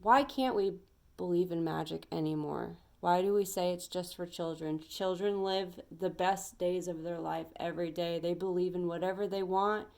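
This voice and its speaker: A woman's voice: on the low side, steady tone, moderate pace, gravelly, darkish tone. A young adult woman giving an earnest, emphatic pep talk as a tarot reader, rambling a little as she goes.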